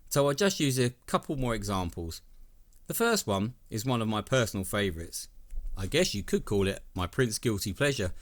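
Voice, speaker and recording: A man reads a scripted narration for a video essay, his voice sitting a little low. He sounds enthusiastic, with a wry tone running through his commentary. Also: a bit bright.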